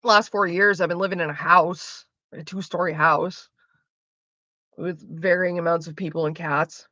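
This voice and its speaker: A woman streamer in casual chat with her viewers, rambling fast and swearing freely. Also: on the low side, fairly even intonation, sharp tone, no room sound, lo-fi sound.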